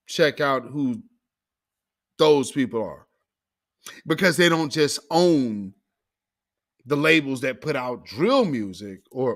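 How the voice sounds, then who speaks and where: A man's voice: fairly high pitch, fairly bright tone. A man hosting a talk show, delivering an opinionated monologue with emphatic sarcasm and calling his listeners family.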